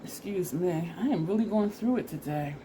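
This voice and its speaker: A woman's voice: on the low side, normal speed, noisy background. A woman vlogger casually talking through a makeup try-on step by step, chatty and laughing at herself, teary and sniffly from allergies. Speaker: beauty vlogger.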